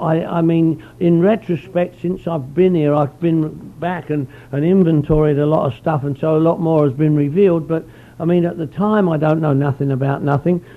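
A middle-aged man at a recovery meeting tells his personal story in a rambling, folksy manner, sprinkling in plenty of "you know." His voice is on the high side, and the sound has a phone-like quality.

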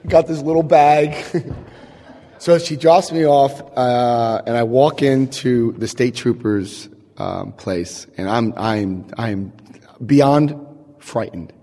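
A man's voice: medium pitch, takes it slowly, mellow. A middle-aged man from New Jersey giving a recovery meeting talk, telling his story animatedly, acting out quotes and laughing at himself. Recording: long hall reverb.

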